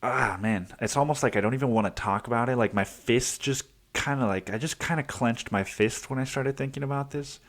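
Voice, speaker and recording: A man's voice: medium pitch, a little fast, few pauses. A man in his twenties telling a heated workplace story on his podcast, swearing often and acting out what people said. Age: 20s. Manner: profane, heated, acts out quotes. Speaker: podcast host. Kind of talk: casual storytelling monologue.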